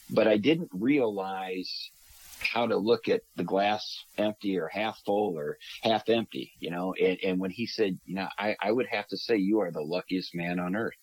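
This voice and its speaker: A man from Minnesota telling a story on a podcast, talking in a lively way and acting out the voices of the people he quotes. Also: low voice, breathy edge, rough recording. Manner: animated, acts out quoted voices. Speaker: guest storyteller.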